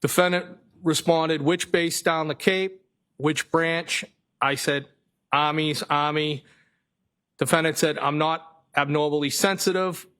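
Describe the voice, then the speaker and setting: A man testifying as a witness in a courtroom, reading messages aloud in a careful, flat way and sometimes correcting himself. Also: a little high, a little slow, smooth. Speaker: trial witness.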